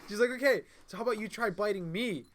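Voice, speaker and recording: A man's voice: high voice, fast, fairly bright tone. A man, a podcast co-host, telling a long casual story among friends, swearing freely and acting out both sides of the dialogue. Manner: rambling, swearing, acts out both sides of dialogue, laughs mid-sentence.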